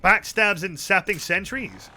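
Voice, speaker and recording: A man's voice: sits high, measured pace, bright, forceful tone, a little hiss or hum. A man chatting casually to his viewers while playing a game, telling rambling stories and swearing a lot. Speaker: game streamer. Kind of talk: casual live-stream chat while gaming.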